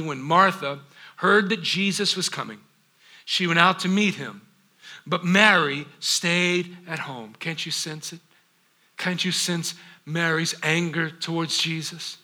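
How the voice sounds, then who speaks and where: A man preaching a sermon, asking rhetorical questions and acting out scripture with dramatic pauses and sudden hushed drops. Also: high-pitched. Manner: rhetorical questions, acts out biblical quotes. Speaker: pastor.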